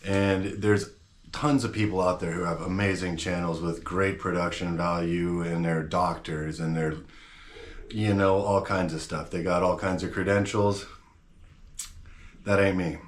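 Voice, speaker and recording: A man's voice: deep voice, level tone, measured pace, echoey room, slight background noise. A man hosting his own channel, talking straight to camera in a blunt, slangy, fired-up rant. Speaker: channel host.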